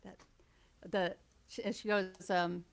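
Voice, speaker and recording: A woman singer-songwriter chatting casually and telling a quick story between songs. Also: mid-range voice, fairly even intonation, gravelly.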